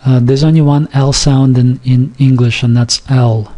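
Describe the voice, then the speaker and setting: A man's voice: mid-range voice, steady tone, moderate pace, warm tone. A man giving an informal recorded lesson, reading from a textbook and explaining pronunciation with many fillers and restarts, sounding out example words carefully. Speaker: Yiddish teacher.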